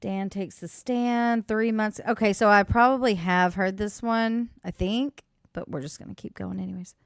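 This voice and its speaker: A woman's voice: mid-range voice, fairly even intonation, normal speed, creaky, smooth, no echo. A woman hosting a livestream, casually chatting and commenting on a story she is playing. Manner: casual, offhand asides. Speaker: livestream host. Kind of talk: casual chat, reacting to a story.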